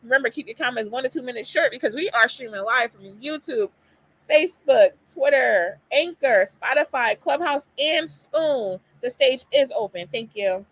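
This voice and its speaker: A middle-aged woman hosting a live online talk stream, speaking in an animated, emphatic way straight to her listeners. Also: high voice, normal speed, rough recording. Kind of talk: casual motivational talk.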